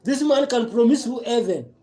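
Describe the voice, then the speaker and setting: A man's voice: very high voice, animated, moderate pace, warm tone. A man with a Kenyan accent giving impassioned, repetitive political commentary on a live stream, mixing broken English with Swahili.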